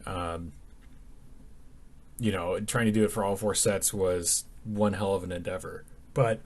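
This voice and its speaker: A man's voice: low voice, steady tone, a little slow. A young man talking casually over his workout footage, sleepy and yawning, with lots of ums and restarts. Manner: rambling, many ums and restarts. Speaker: fitness vlogger.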